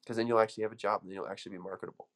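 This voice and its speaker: A man's voice: fairly low pitch, steady tone, very fast, fairly bright tone. A man coaching an audience with an emphatic, storytelling motivational speech, full of restarts. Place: room with an audience.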